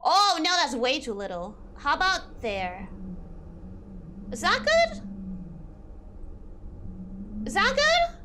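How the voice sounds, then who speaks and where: High-pitched, bubbly young woman streamer. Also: takes it slowly, pauses often, noisy background. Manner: excitable, repeats herself, laughs often. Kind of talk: casual live-stream chat. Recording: music playing in the background.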